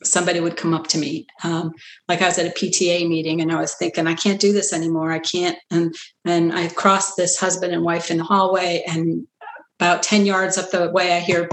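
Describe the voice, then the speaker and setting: A middle-aged woman family physician telling stories in an earnest conversational interview, animated when she quotes others. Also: lowish voice, a little hiss or hum. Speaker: family physician, practice founder. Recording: roomy echo.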